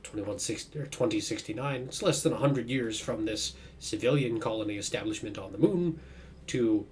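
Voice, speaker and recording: A man's voice: fairly low pitch, moderate pace, darkish tone. A man casually commenting while playing a video game, rambling and correcting himself as he goes. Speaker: let's-play host. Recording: faint background noise.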